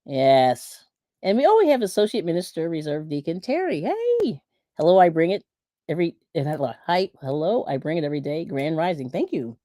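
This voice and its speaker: A woman's voice: low-pitched, very animated, fairly quick, mellow, dry recording, studio quality. A middle-aged woman from Pennsylvania hosting a livestream, chatting casually and laughing often as she reads viewer comments. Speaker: livestream host.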